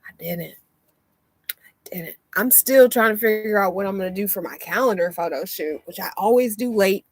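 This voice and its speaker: A young woman casually chatting on a live stream from inside her motorhome, animated and laughing often. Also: medium pitch, moderate pace, no room sound. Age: young adult. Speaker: vlogger and oracle card reader.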